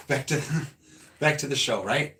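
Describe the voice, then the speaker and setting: A man's voice: mid-range voice, slow pace, pushed and bright, breathy edge. Chatty co-host man, casual rambling room-tour delivery, phone-filmed live stream at home. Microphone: handheld phone camera.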